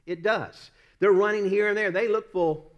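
Male pastor, Southern US accent, slightly higher voice, earnest sermon delivery with light laughs. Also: fairly even intonation, moderate pace, lo-fi sound. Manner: earnest preaching with self-deprecating laughs and repeated phrases.

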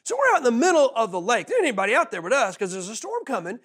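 Pastor, middle-aged man, animated sermon storyteller, voice swings widely. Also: extremely high pitch, racing, breathy edge. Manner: animated storyteller, laughs often, repeats words.

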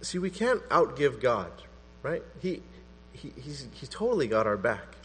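A man preaching a sermon in an animated, conversational way, acting out quotes as he goes. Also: mid-range voice, a little slow, husky. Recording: long hall reverb with mains hum.

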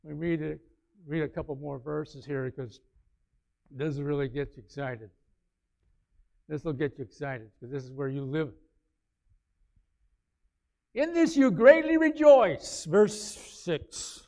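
A male pastor preaching a sermon, animated, swinging between quiet asides and loud bursts. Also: medium pitch, measured pace, gravelly, pauses often. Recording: slightly dull, lo-fi sound.

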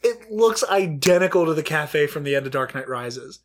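A man's voice: a little high, animated, moderate pace, crowd noise. A man in casual podcast chat, recapping a film sarcastically with lots of fillers, swearing and laughing asides.

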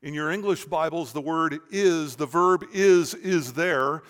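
A man preaching an expository sermon, swinging between forceful stressed words and quiet, searching questions. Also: fairly high pitch, a little slow, smooth. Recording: long reverb of a large hall.

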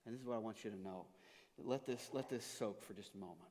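A man preaching a sermon as a pastor, earnest and often stammering, moving between loud pleading passages and hushed, reflective ones. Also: on the low side, quick pace, a little hiss or hum. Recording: long hall reverb.

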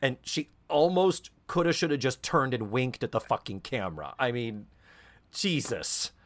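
A man co-hosting a podcast in casual chat, an animated storyteller who swears freely. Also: mid-range voice, a little slow. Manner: animated storyteller, swearing, slips into mock Cockney quotes. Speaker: podcast co-host.

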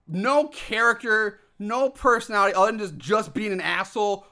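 A man with a high, bright voice rants through a movie recap as a podcast co-host. He swears freely and sounds thoroughly fed up with what he's describing. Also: moderate pace. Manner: exasperated, profane ranting. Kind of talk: casual chat.

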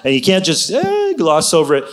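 Animated middle-aged man preaching casually. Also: fairly high pitch, moderate pace. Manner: animated, exhorting, full of "you know" asides. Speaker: Christian minister telling a personal story. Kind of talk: conversational preaching testimony.

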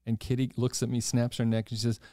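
A man hosting a podcast, telling stories in a gushing, animated casual chat. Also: medium pitch, fast, dry recording, clean studio sound. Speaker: podcast host.

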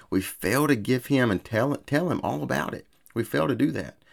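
A man's voice: deep voice, gravelly. A man preaching a sermon in an earnest, repetitive cadence. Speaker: pastor.

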